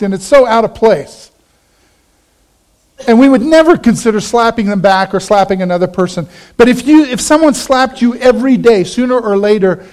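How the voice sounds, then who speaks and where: Higher-voiced man preaching conversationally. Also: darkish tone. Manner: conversational storytelling, quotes friends in a low voice. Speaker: pastor. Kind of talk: sermon with personal story.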